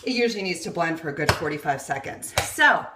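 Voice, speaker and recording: A woman fitness instructor coaching a quick kitchen workout, counting reps and out of breath. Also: low voice, expressive, background noise. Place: home kitchen. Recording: echoey room, voice from a distance. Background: kitchen clicks, blender.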